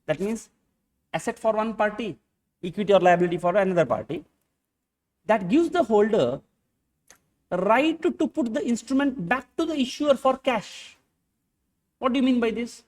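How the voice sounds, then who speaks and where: High-voiced Indian man lecturing a class. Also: lively intonation, moderate pace, long pauses, a little mellow, far from the mic. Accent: Indian English. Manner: asks students rhetorical questions, acts out little dialogues. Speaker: accounting teacher.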